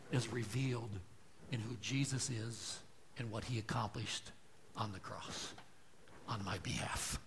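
A man preaching a sermon to a congregation, asking rhetorical questions and moving between hushed, soft passages and loud, emphatic lines. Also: mid-range voice, a little hiss or hum. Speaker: pastor. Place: church.

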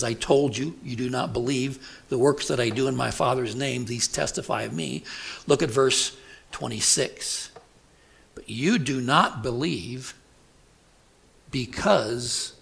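Man, preacher, sermon, slow measured delivery, emphatic, rhetorical questions. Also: mid-range voice, vocal fry, fairly bright tone. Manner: deliberate, emphatic, asks the congregation rhetorical questions. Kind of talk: expository sermon.

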